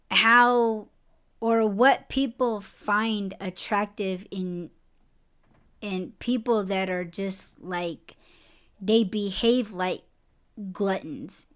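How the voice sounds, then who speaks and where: A woman's voice: medium pitch, a bit bright, smooth. A woman hosting a casual podcast conversation. She rants bluntly, swears a lot and breaks into emphatic, rising outbursts. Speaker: podcast host.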